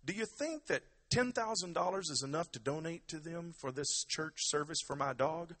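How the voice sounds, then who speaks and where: A man's voice: normal speed, fairly bright tone, long reverb tail. A man putting on an Irish accent to voice a poor countryman pleading for his dead dog in a sermon joke. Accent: put-on Irish. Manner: pleading, lilting, high-pitched.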